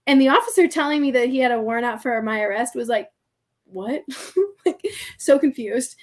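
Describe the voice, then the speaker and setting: A woman with a high, light voice tells a story on a podcast, chatty and animated. She laughs often, keeps saying "like" and switches into little voices for the people she quotes. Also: fairly quick. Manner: chatty, heavy use of "like" and "I'm like". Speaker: podcast guest. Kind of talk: storytelling in casual conversation.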